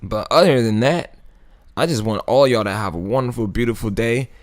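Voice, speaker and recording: A man's voice: medium pitch, moderate pace. A man hosting a casual Bible study video, retelling the story in a laid-back, slangy way with frequent chuckles. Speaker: YouTube Bible study host.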